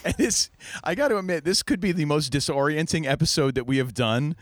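A man's voice: on the high side, expressive, brisk, dry recording. A man hosting a podcast, joking and teasing his co-host in a playful, theatrical way over a video call. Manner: playful, jokey, theatrical intros. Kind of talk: casual podcast banter.

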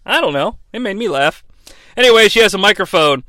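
A male podcast host gives a sarcastic, profane recap with a high, lively voice that swings up and down a lot. His tone is bright and forward. The sound is dry and close to the mic. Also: brisk, no echo. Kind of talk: comedic wrestling recap.

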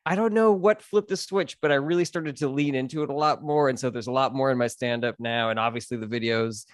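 A man on a podcast, chatting casually and telling stories in an animated way, jumping into quick voices. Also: medium pitch, no echo. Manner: animated storyteller, acts out quick voices in his anecdotes. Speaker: podcast guest, comedian. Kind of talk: casual chat.

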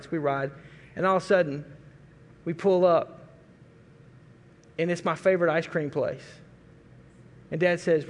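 A middle-aged man from Arkansas preaching a sermon, telling a folksy, animated story and acting out family voices. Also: fairly high pitch, moderate pace, long pauses. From Arkansas, USA. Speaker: pastor. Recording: long reverb of a large hall.

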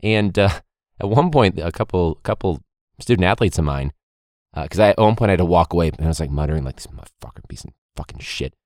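Male podcast host, teacher-coach type, deep and animated, swears freely and laughs through his stories. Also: fast, dry recording, studio quality. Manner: ranting, heavy swearing, frequent laughs. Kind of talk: casual podcast monologue.

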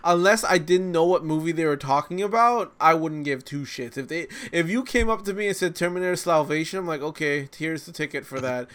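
A man's voice: a little high, a little fast, few pauses. A young man chatting casually with friends, rambling a little and swearing offhand. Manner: relaxed, rambling, profane. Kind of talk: casual chat.

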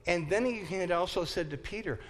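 Animated high-voiced man teaching a class. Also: fairly quick. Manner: animated, joking, acts out the story. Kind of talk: lively Bible class teaching.

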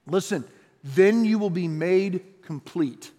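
Man, pastor, earnest sermon, high voice, long hall reverb. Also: takes it slowly, dark tone. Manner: earnest preaching, reads scripture aloud, stretches words for emphasis.

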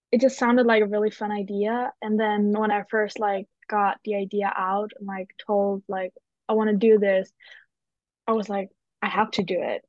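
A woman's voice: mid-range voice, darkish tone, no echo. A young woman from Denmark, chatting on a podcast as guest co-host, giggly and hesitant with lots of "like". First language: Danish. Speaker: exchange student guest co-host. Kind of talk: casual podcast chat. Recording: dull lo-fi audio.

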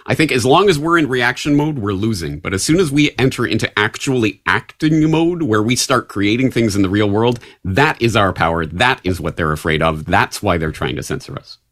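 Low-voiced man, emphatic podcast host. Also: expressive, fairly quick, few pauses, a bit bright. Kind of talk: casual podcast conversation.

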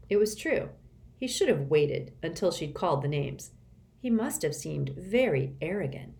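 Woman narrating a storybook with a lively voice. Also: sits low, normal speed, vocal fry. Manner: expressive storytelling. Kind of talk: audiobook narration.

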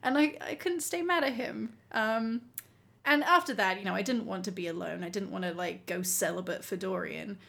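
A woman telling a story in casual chat as a podcast co-host, animated and laughing often. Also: mid-range voice, moderate pace, gravelly. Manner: animated, laughing often, acting out quoted lines.

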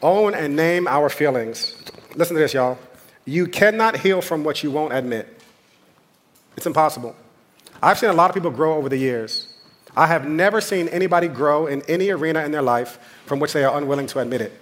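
An American man preaches from the pulpit in a voice a little higher than most men's. He talks to his congregation like they are friends, then presses harder, repeating words and phrases to drive each point home. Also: fairly quick. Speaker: pastor. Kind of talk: sermon.

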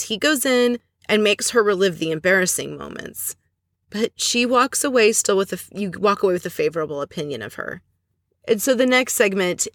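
A woman talks through a recap in a loose, chatty way, dropping opinionated asides as she goes. Her voice sits at an ordinary middle pitch. The sound is dry and close, with no room echo. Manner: chatty, opinionated, retells scenes with quick asides. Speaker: podcast host recapping a reality show. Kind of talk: casual recap commentary.

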